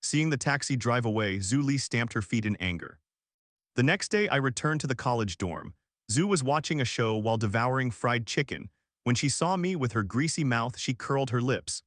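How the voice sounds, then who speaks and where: A man narrating a drama story in an expressive, storytelling manner. His pitch rises and falls freely over a mid register. The recording is dry and close, with no room sound. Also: moderate pace, no room sound.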